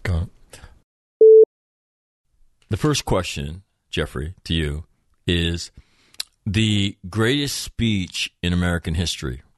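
Very deep-voiced man quizzing on a podcast. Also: expressive, dry recording, clean studio sound. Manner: quizzing and teasing, in a measured way. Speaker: podcast host. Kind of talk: casual chat.

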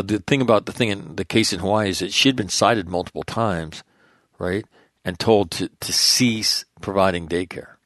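A man's voice: sits low, fairly bright tone, no room sound, studio quality. A man hosting a radio talk show, reading out news items and adding blunt, profane, rambling commentary full of restarts. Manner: rambling asides with restarts and repeated phrases. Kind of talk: news rundown with off-the-cuff commentary.

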